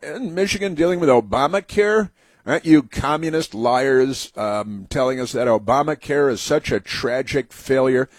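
A male talk-radio host riffs sarcastically, mocking as he rambles. He speaks into a dry studio microphone. His voice sits at an ordinary middle pitch. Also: normal speed, no echo. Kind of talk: political talk radio commentary.

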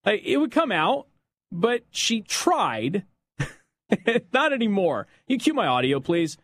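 A man's voice: sits high, slow pace. A man hosting a talk radio show, delivering an opinionated, mocking monologue on a close studio mic. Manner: sarcastic, mocking, animated.

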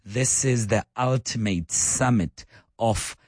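A man hosting a live talk radio show with a croaky voice, chatting and rambling with frequent fillers and restarts. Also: lowish voice, slow, no room sound. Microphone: studio microphone.

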